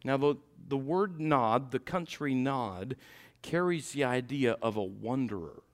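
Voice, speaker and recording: A man preaching a sermon in a warm church, dropping to quiet asides and rising to loud climaxes. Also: lively intonation, measured pace. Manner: swings from low asides to shouted climaxes.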